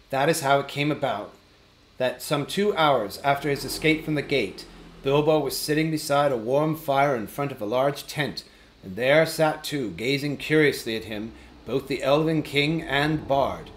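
A man narrating a fantasy novel as an audiobook reader, in a steady, even storytelling manner. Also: medium pitch, moderate pace, roomy sound, slight background noise, poor audio.

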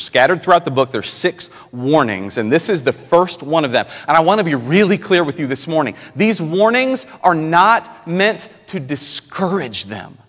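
A man preaching a live sermon as pastor, impassioned and swinging between quiet stretches and near-shouting. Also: mid-range voice. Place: church sanctuary. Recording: long reverb of a large church hall.

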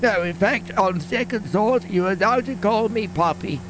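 A man's voice: sits high, expressive, moderate pace, background noise. A man streaming a role-play as a pampered, bossy rich character, talking haughtily and laughing often.

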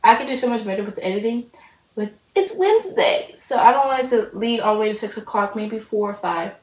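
A woman's voice: fairly high pitch, animated, a little fast, a little mellow, reverberant, a little hiss or hum, low-quality recording. A woman hosting a reaction video, chatting casually and rambling into stories.

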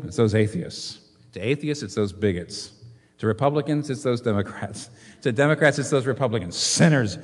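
A man delivers a sermon from the pulpit of a large church hall. His voice sits in a middle register but leaps up and down, full of rhetorical questions. A long reverb trails after each phrase. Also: medium pitch. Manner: animated preaching with rhetorical questions. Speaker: pastor.

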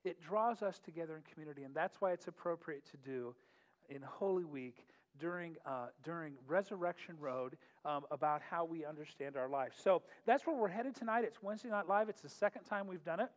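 Middle-aged man, pastor host, high-pitched, casual and joking, echoey church with faint music. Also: a little fast. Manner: joking, chatty, laughs often. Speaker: pastor hosting a worship night. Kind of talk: casual humorous talk and prayer. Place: church sanctuary. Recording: long hall reverb, faint music.

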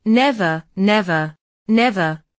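A woman's voice: medium pitch, lively intonation, takes it slowly, dry recording, studio quality. A woman voicing a frightened little girl in a storybook reading, sobbing and pleading. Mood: promising.

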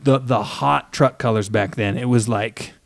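A man's voice: medium pitch, a little slow, vocal fry, no echo, studio quality. A man co-hosting a podcast, telling a story in casual chat and acting out the voices of people he quotes. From Wisconsin. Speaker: podcast co-host.

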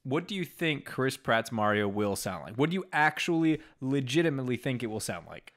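A man's voice: medium pitch, expressive, brisk, a bit bright. Emphatic, jokey podcast co-host man. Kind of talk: casual podcast chat.

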